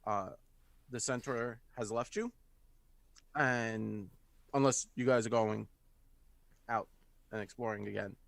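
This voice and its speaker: A man running a tabletop game, narrating scenes in a measured, descriptive way. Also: fairly low pitch, steady tone, gravelly, fairly bright tone, dry recording. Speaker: game master.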